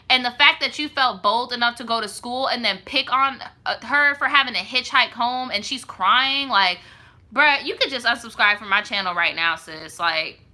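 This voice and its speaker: A young woman hosts a live storytime stream and sounds off on viewer stories. Her voice is very bright and cutting, and she swears freely in heated slang as she reacts. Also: fairly high pitch. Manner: blunt, profane, heated slang-heavy reactions. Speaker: host reading viewer stories.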